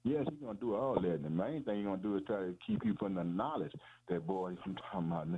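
A deep, husky-voiced man preaches a fervent sermon, circling back over his points. He keeps calling out to his listeners as "man" and "boy". The sound comes through a thin, tinny radio broadcast. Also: animated, fast talker.

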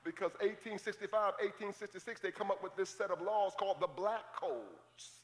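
Male pastor, high voice, preaching with humor, call-and-response, church hall reverb. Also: moderate pace. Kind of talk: sermon. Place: large church sanctuary.

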